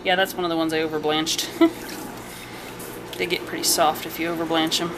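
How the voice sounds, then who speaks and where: A woman's voice: sits low, little pitch movement, normal speed. A woman casually chatting through a home cooking vlog in her kitchen, rambling with fillers and asides. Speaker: home cook and channel host. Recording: home video with noticeable background noise.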